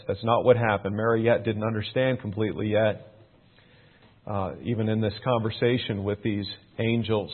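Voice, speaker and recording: A man preaching a sermon in a measured way, repeating key phrases for emphasis. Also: on the low side, slightly rough. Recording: phone-like narrow band.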